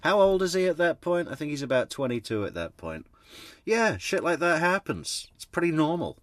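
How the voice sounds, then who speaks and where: A man's voice: a little high, big pitch swings, moderate pace, no room sound. A man hosting true crime commentary, casually sarcastic and swearing as he reacts to clips.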